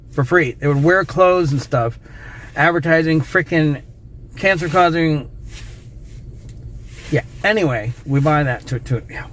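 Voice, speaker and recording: Middle-aged man, personal storyteller, emotional and meandering, light faint hiss behind. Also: fairly high pitch. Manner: rambling, emotional, trails off into quiet asides.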